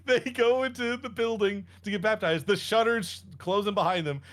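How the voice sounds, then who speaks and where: A man's voice: high-pitched, moderate pace, fairly bright tone. A man co-hosting a podcast, laughing often and acting out characters with exaggerated voices while retelling a story. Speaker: podcast co-host. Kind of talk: casual chat, animated retelling.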